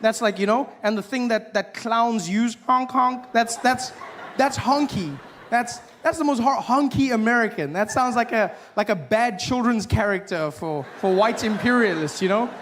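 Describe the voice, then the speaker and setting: A man performing a stand-up comedy set in a live venue, playful and acting out characters with sudden shouted outbursts. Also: extremely high pitch, normal speed, slight background noise. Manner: playful, acts out characters with loud shouted bits.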